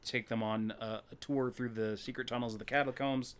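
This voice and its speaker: A man co-hosting a podcast, recapping a film in casual, crude, deadpan jokes. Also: mid-range voice, a little fast, clear, resonant tone. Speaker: podcast co-host. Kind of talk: casual movie-review chat.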